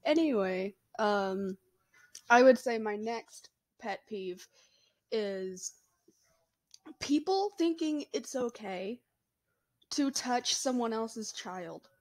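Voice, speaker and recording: Blunt, chatty young mom vlogger. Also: female voice, fairly high pitch, lively intonation, slow pace, pauses often. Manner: blunt, chatty, laughs often. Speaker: vlogger, mother. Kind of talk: casual to-camera chat.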